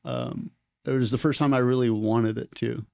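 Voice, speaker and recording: A young man, a former program participant, telling his story in a casual, rambling way on a podcast and getting animated when he quotes others. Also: mid-range voice, moderate pace, creaky, clean tone, no room sound. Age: young adult.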